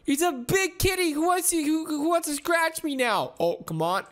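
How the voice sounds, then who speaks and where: A woman giving excitable, giggly commentary while playing through a game, with frequent exclamations. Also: high voice, normal speed. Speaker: gaming video host. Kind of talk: playthrough commentary.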